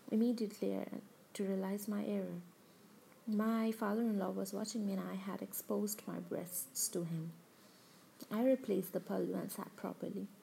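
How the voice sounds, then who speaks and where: Female narrator, warm low tone with vocal fry, confessional storytelling. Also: slight background noise, rough recording. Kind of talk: first-person story reading.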